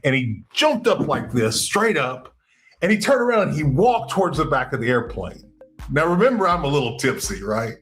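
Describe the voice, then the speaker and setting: A male podcast host telling a story casually, in an animated way, acting out what people said. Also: normal speed, soft background music. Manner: animated, acts out quotes with big pitch jumps.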